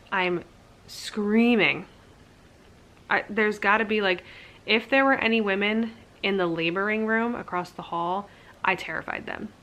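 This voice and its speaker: A woman's voice: medium pitch, bright, forceful tone. A young woman casually telling her birth story to camera, candid and chatty, full of "like" fillers and self-mocking laughs.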